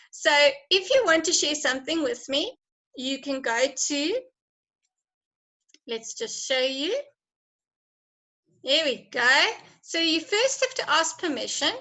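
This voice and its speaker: Bright, high-voiced encouraging woman teacher. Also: animated, a little slow, long pauses, low-quality recording. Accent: South African. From South Africa. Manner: encouraging, chatty, laughs often. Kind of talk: online class lesson.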